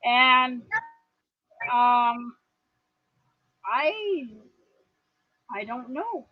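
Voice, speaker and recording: A woman's voice: on the high side, expressive, drawn-out words, no room sound, narrow, tinny audio. A chatty woman from British Columbia who laughs easily, talking casually on a livestream. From Canada, British Columbia. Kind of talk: casual chat.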